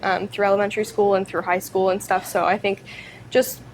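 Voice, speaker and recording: A teenage girl chats as an interview guest, her speech loose and full of fillers and little giggles. Her pitch sits in the ordinary middle for a young woman. A faint hum of noise sits behind her. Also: level tone, brisk, rough recording. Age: teens. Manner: chatty, many fillers and giggles. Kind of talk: casual interview talk.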